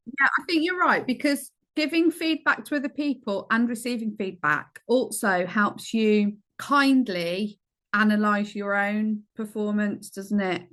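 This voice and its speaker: A woman's voice: medium pitch, unhurried, fairly bright tone. A woman co-hosting a podcast in casual chat, encouraging and chiming in with short replies. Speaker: podcast co-host.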